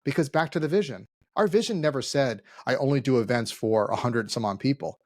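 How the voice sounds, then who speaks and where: A man co-hosting a casual business podcast, telling stories and acting out quoted dialogue with lively energy. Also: medium pitch, fairly quick, no echo, clean studio sound. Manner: animated storyteller, acts out quoted dialogue. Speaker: podcast co-host, CEO.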